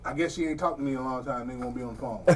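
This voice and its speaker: A man's voice: mid-range voice, racing, distant mic, a little hiss or hum. A man hosting a casual podcast, telling a profane story and laughing through it. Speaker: podcast host.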